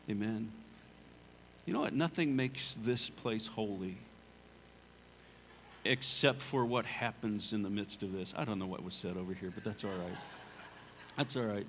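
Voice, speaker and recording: A man's voice: fairly low pitch, measured pace, long pauses, fairly bright tone, slight background noise, poor audio. A male pastor preaching a sermon in a church sanctuary, talking in a conversational, storytelling way and repeating phrases for emphasis.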